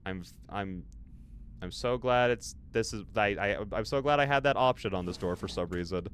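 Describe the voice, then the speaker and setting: A man's voice: lowish voice, normal speed, clear, resonant tone. A man streaming a horror game, chatting with his viewers and reading their messages aloud in a rambling, filler-heavy way. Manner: reads chat aloud and answers viewers. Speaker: livestreamer. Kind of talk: live horror game commentary.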